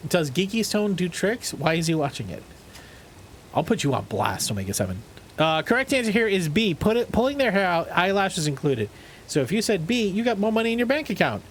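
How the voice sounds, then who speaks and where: A man's voice: high voice, fairly quick, a little hiss or hum. A man streaming a game live, joking and swearing with his chat and reading out trivia questions between bits of play. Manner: animated, profane, joking with chat; reads trivia questions aloud.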